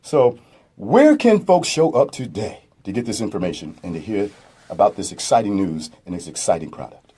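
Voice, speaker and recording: A male radio host in a studio, interviewing guests with lively, joking, preachy asides. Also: lowish voice, moderate pace, slightly rough.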